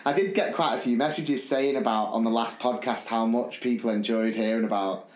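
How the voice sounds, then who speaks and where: A young man hosting a podcast, telling an animated, rambling story and laughing as he goes. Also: medium pitch, brisk. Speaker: podcast host. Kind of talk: casual storytelling chat. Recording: echoey room.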